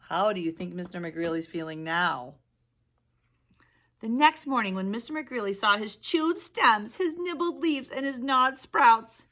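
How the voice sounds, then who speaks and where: A woman teacher reading a picture book aloud to young children, with lively gasps and questions. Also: a little high, a little slow. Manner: animated storytelling, gasps and asks questions. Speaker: preschool teacher.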